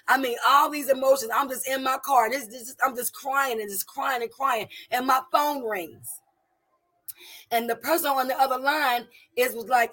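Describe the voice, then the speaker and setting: A woman's voice: high-pitched, fairly even intonation, pushed and bright. Emotional middle-aged woman giving testimony. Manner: emotional, halting, with many restarts and repeated words. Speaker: church member giving testimony. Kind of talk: personal testimony to a congregation.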